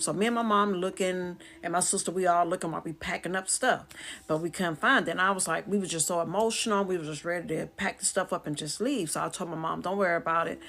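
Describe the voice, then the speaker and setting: A middle-aged woman with a Southern US accent, telling a personal story in casual, plainspoken dialect that grows loud and animated. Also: on the low side.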